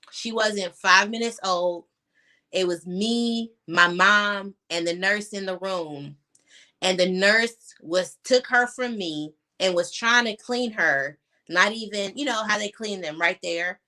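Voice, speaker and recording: A woman's voice: mid-range voice, measured pace, bright, forceful tone. A young adult woman on a video call, telling her personal story candidly with many fillers, sometimes choking up. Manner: candid, filler-heavy, chokes up at times. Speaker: guest.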